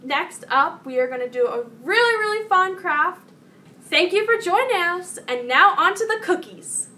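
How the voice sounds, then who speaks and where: A young woman talks to children in a slow, clear way while she reads a story and explains a craft. Her voice is high and bright. The mic is set far away and picks up a faint hiss. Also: animated. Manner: slow, clear, kid-directed. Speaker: children's program presenter. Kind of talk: storybook reading and craft instructions. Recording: distant mic with faint noise.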